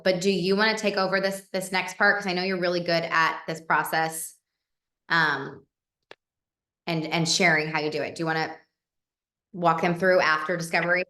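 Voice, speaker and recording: A woman's voice: fairly low pitch, sharp tone, echoey room. A woman leading a casual team training, chatty and coaching, acting out example messages.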